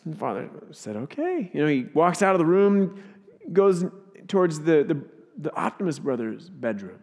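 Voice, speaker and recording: A high-voiced pastor delivers a sermon at a moderate pace, telling stories in an animated way and acting out their voices. His voice reverberates through a large church hall.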